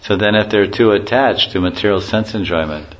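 A man who teaches spirituality tells stories in a casual lecture, laughing softly and acting out quoted lines. His fairly low voice moves a little fast, captured in a muffled lo-fi recording with a faint hiss.

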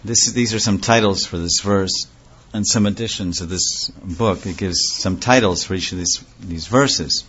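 Low-voiced man giving a devotional lecture. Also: moderate pace, fairly bright tone, breathy edge, dull audio. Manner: conversational, poses rhetorical questions and answers them. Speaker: religious speaker.

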